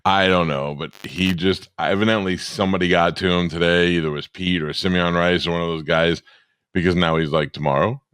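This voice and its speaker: A man's voice: deep voice, fairly even intonation, brisk, fairly bright tone, smooth, no echo, clean studio sound. A man who hosts a radio show, chatting casually on a podcast and telling long, profane, rambling stories.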